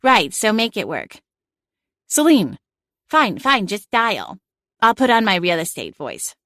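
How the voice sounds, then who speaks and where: A woman voicing a sassy, vain talking female cat in an audiobook, imperious and sharp-tongued. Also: medium pitch, wildly swooping pitch, measured pace, dry recording, clean studio sound, heavily acted. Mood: bossy. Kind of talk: audiobook character voice.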